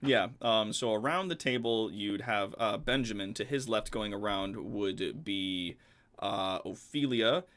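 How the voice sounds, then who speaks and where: A man narrating as game master, relaxed and full of fillers. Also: fairly low pitch, a little slow.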